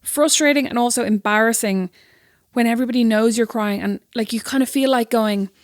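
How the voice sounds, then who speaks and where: A podcast co-host with a voice on the high side tells stories animatedly in casual chat, acting out the quotes. She speaks a little fast, and the clean studio recording has no room sound.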